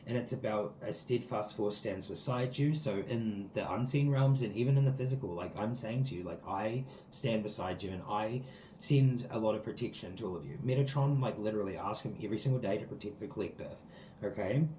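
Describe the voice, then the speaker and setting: A low, mellow-voiced man rambles earnestly through a spiritual tarot reading, his speech scattered with likes and ums. He sits outdoors, and the recording sounds roomy and echoey with faint ambient sound behind him. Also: fairly quick, a little hiss or hum. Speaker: tarot card reader. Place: sitting outdoors.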